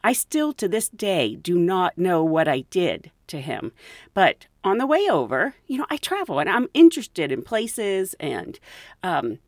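Animated woman telling work stories. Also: fairly low pitch, unhurried, dry recording, studio quality. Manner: animated, laughs often, acts out quotes. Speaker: podcast host and flight attendant. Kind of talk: anecdotal storytelling.

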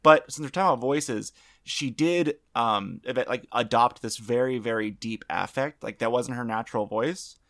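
A man's voice: mid-range voice, moderate pace, fairly bright tone. A man hosting a casual podcast chat, rambling with many fillers and restarts. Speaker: podcast host presenting the topic.

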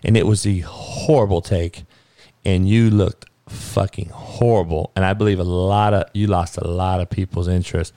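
A podcast host ranting about sports and the news, swearing heavily and swinging from low muttering to loud outbursts. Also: male voice, fairly even intonation, moderate pace, no echo. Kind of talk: profane sports and news rant.

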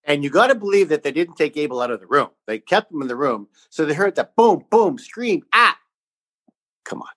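A man co-hosting a casual chat, jokey and animated, with playful interjections. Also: a little high, quick pace, hardly any pauses. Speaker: podcast co-host.

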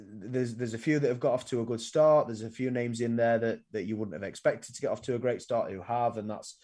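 A young man hosting a sports podcast, rambling with lots of ums and restarts, often trailing off quietly. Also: mid-range voice, fairly even intonation, a little fast. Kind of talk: casual sports chat.

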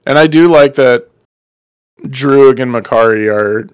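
A man with a mid-range voice co-hosts a relaxed movie review chat. He sounds laid-back and agreeable and swears offhandedly, recorded dry and close with no room sound. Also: medium pitch, measured pace, clear, resonant tone, dry recording. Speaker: podcast co-host.

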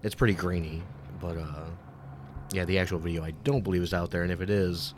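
A man's voice: deep voice, fairly even intonation, fairly quick, noisy background. A man co-hosting a true crime podcast, talking in a loose, hesitant conversational way. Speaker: podcast co-host.

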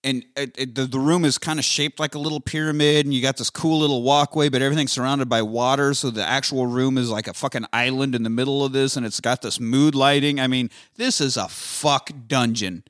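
A man co-hosting a casual movie podcast, rambling through the plot with profanity and jokes. His voice sits at an ordinary middle pitch. The sound is dry and close, with no room around it. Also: steady tone, fairly quick, few pauses, fairly bright tone, no echo. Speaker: podcast co-host. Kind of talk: casual movie recap chat.

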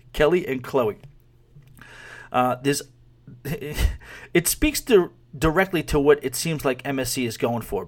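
A man hosting a podcast in casual chat, rambling with amused asides and often trailing off mid-thought. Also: mid-range voice. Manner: rambling, amused, laughs while talking, trails off. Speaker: podcast host.

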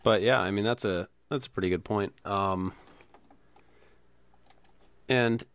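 A young male radio host, easygoing and agreeable, often hesitating over his words. His voice sits low with a gravelly roughness. The mic sound is dry and close. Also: takes it slowly, fairly bright tone, no room sound. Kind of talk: casual radio chat.

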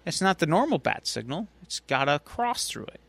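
A man's voice: fairly high pitch, big pitch swings, normal speed, gravelly, a bit bright, dry recording. A man co-hosting a podcast, casually recapping a comic book story and acting out its quotes. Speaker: podcast co-host.

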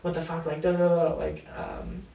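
A man's voice: a little high, huge pitch swings, fairly quick, gravelly, mellow. Swearing young man telling a story. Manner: loose, profane, hesitant with fillers. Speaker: podcast guest. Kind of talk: casual storytelling chat. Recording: roomy and distant from mic.

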